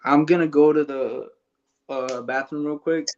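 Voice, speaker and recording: A man's voice: on the high side, fairly even intonation, measured pace, darkish tone, dull audio. A man, chatting casually as a guest in a laid-back way and swearing freely. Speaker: guest co-host. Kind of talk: casual chat.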